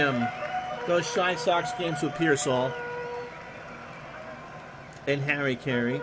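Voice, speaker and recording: A man streaming a simulated ballgame, giving relaxed play-by-play between musing chat asides and livening up on big plays. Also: on the high side, takes it slowly, long pauses, heavy background noise.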